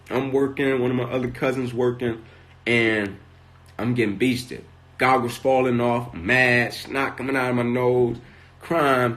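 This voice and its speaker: A man's voice: mid-range voice, a bit bright. Man telling stories, "right?" after every line. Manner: tags nearly every sentence with "right?"; vivid storyteller, builds in intensity. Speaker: motivational speaker. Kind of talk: storytelling talk on a live stream. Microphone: phone.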